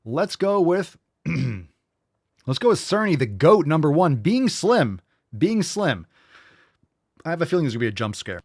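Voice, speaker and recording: A man's voice: on the high side, big pitch swings, moderate pace, vocal fry, dry recording, clean studio sound. A man hosting a livestream podcast, reacting to clips with blunt, profane, mocking commentary.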